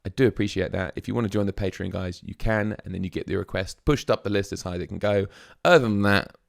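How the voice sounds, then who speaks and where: A man's voice: deep voice, fast talker, gravelly, dry recording, clean studio sound. A man hosting a music reaction video, musing aloud in a casual, chatty way with plenty of fillers.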